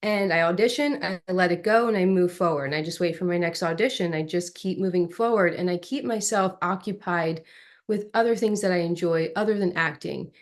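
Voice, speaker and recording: A young adult woman, an actress, telling animated stories as an interview guest. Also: fairly low pitch. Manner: animated, lively storyteller. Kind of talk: storytelling in an interview.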